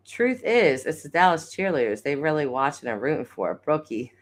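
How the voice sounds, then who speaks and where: A middle-aged woman chats on her live stream in a low voice that swoops up and down with lively expression. She giggles often, reads viewers' comments aloud and jokes about herself. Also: normal speed. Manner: giggly, self-deprecating, chatty. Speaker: live stream host reading chat. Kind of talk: casual live stream chat.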